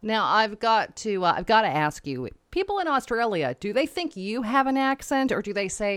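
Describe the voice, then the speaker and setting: A woman's voice: mid-range voice, very animated, normal speed, hardly any pauses, a bit bright, dry recording, studio quality. A woman hosting an interview, upbeat and effusive with playful teasing asides. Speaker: interview host. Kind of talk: casual interview.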